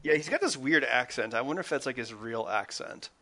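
Bright-voiced man in animated chat. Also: mid-range voice. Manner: animated, halting, restarts often. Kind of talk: casual chat about video games.

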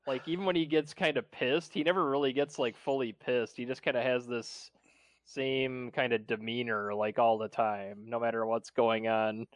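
A man's voice: medium pitch, fairly even intonation, normal speed, smooth, no echo. A man co-hosting a podcast, chatting loosely and rambling with lots of fillers. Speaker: podcast co-host. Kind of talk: casual chat.

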